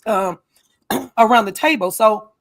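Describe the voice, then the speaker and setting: Casting: lively man with a fairly high voice, emphatic recap co-host, dry close sound. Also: a little slow, creaky, no echo. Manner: animated, emphatic, talks in bursts. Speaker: podcast co-host. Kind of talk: casual recap chat.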